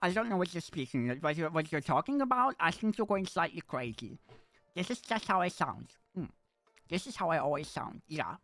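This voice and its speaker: A man streaming live in casual chat, playful and animated, jumping from excited squeals to low mutters. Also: moderate pace, soft background music.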